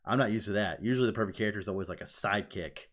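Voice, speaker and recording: A young man co-hosting a casual podcast, retelling scenes in an animated way, swearing freely and breaking into silly voices. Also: fairly low pitch, racing. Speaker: podcast co-host.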